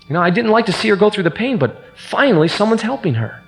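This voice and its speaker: A man gives an earnest, sermon-like personal testimony, acting out the voices of people he quotes. He talks fast with hardly any pauses, his slightly high voice swinging widely in pitch, in a reverberant hall with a faint hum.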